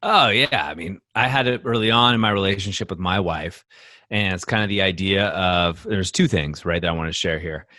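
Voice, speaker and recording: Emphatic male podcast co-host with a low voice and dry, close recording. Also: normal speed, no echo. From United States. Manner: emphatic, animated storytelling with many fillers. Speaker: podcast co-host, men's coach. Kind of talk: casual podcast conversation.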